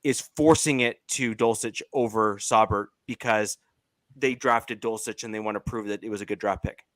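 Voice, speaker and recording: A man's voice: on the low side, fairly even intonation, moderate pace, dry recording. A man with a Canadian accent, co-hosting a casual sports chat and talking with many fillers and restarts. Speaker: podcast co-host.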